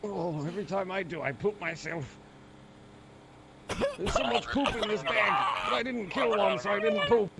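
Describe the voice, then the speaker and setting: A man's voice: high voice, moderate pace, background noise. A man talking with a put-on Scottish accent, exclaiming and swearing through role-play banter.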